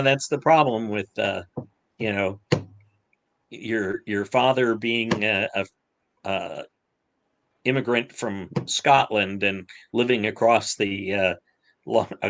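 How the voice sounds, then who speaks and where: A man co-hosting a podcast, joking and chatting casually, halting with fillers. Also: mid-range voice, a bit bright. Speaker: podcast co-host. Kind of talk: casual chat.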